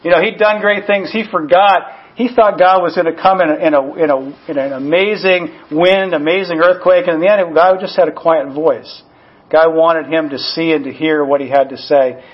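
A man's voice: on the high side, fairly even intonation, moderate pace, husky. A man, a pastor, preaching a conversational sermon with personal asides and frequent "you know" fillers. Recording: dull lo-fi recording.

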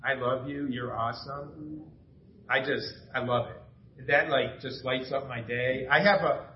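A man's voice: mid-range voice, fairly even intonation, unhurried, a little hiss or hum. A middle-aged man preaching a casual, enthusiastic sermon, telling family stories with laughter. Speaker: pastor. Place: church sanctuary. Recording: echoey dull church recording.

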